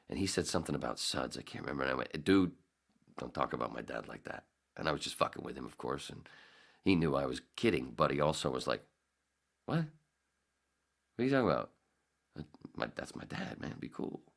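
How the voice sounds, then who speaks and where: Low, gravelly man telling a rambling story. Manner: animated anecdote-telling, laughs often, acts out quotes. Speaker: podcast host. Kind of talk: casual storytelling.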